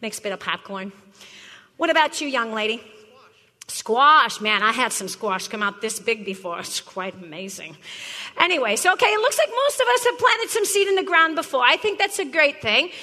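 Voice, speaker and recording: A woman's voice: sits high, sing-song, moderate pace, bright, forceful tone, big-room sound, exaggerated voice. An actress playing a pushy, brash botany teacher who teases her class in a comedy sketch. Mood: brassy. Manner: brassy, teasing, talks straight at a class. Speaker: comic actor playing a teacher.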